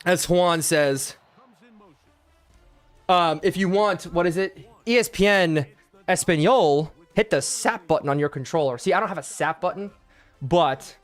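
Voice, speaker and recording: Brief: young male streamer, slightly high voice, excitable play-by-play, worn-out voice, chats with viewers. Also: normal speed, soft background music. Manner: excitable, talks to chat, play-by-play calls. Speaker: gaming streamer. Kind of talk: live-streamed video game play-by-play.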